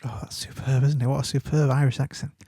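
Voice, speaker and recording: A man's voice: medium pitch, level tone, quick pace, mellow, husky, no room sound, clean studio sound. A man hosting a study podcast, commenting on a set text in an informal way, thinking aloud as he goes. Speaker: podcast host and teacher.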